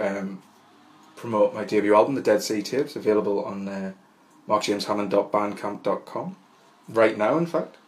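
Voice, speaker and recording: A man's voice: fairly low pitch, poor audio. A man hosting a solo podcast who rambles in a wry, self-mocking way, full of restarts. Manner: wry and jokey. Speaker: podcast host.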